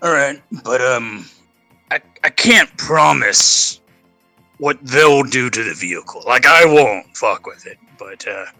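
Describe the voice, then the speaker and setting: Slow, hesitant young man playing a game. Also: mid-range voice, lively intonation, pushed and bright, soft background music, rough recording. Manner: hesitant, halting, many fillers. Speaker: player.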